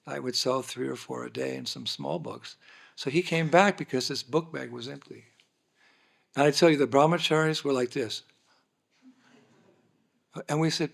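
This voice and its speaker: Male guest speaker, gravelly voice, animated storyteller who acts out the dialogue. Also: mid-range voice, moderate pace, long pauses. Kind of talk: anecdotal storytelling talk. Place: dinner hall, indoors.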